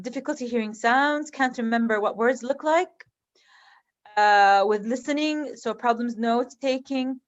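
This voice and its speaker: A woman who is an eye doctor, lecturing in English with an Arabic accent, halting and earnest with many ums. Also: fairly high pitch, dull audio.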